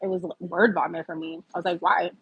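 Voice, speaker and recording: A woman's voice: lowish voice, level tone, quick pace, slightly rough, phone-quality sound. A woman in her fifties from the US East Coast, chatting candidly with viewers on a livestream and reading their comments aloud. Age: 50s. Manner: chatty, candid, laughs often. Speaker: livestream host. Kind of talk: casual live chat reading comments.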